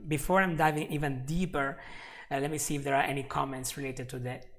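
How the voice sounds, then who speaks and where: A man's voice: medium pitch, fairly even intonation, brisk, fairly bright tone. A man teaching English on a live stream, explaining step by step and chatting with viewers. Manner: explanatory, repeats words, chats with viewers.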